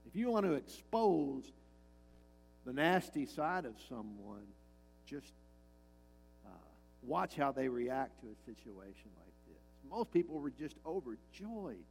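A male preacher delivering a sermon in a church with a gravelly voice and an unhurried, deliberate delivery. His pitch swings widely as he leans on key lines, repeats them, and asks the room rhetorical questions. Faint music plays underneath. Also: big pitch swings, darkish tone, low-quality recording. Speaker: pastor.

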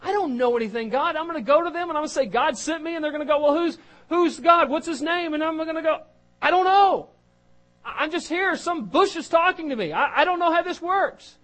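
A man's voice: very high-pitched, very animated, moderate pace, voice pushed up. A preacher voicing an anxious, doubting man who stammers and pleads with God in a flustered way.

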